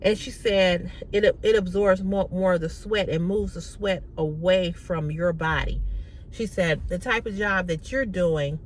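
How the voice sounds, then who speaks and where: A woman's voice: on the low side, measured pace, poor audio. A woman vlogger casually retelling a conversation, with lots of "I said, she said". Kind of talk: casual storytelling to camera. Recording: loud outdoor traffic noise.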